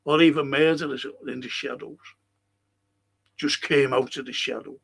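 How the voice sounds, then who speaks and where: A man hosting a talk show, giving an impassioned monologue and reciting verse with slow, emphatic delivery and dramatic pauses. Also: medium pitch, fairly even intonation, gravelly, a bit bright, slightly rough. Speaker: radio show host.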